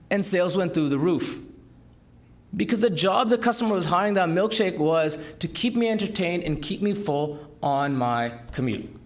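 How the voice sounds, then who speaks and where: A man giving a business talk to an audience, with an emphatic, lively delivery and rhetorical questions. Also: high voice. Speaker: entrepreneur speaker. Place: conference room.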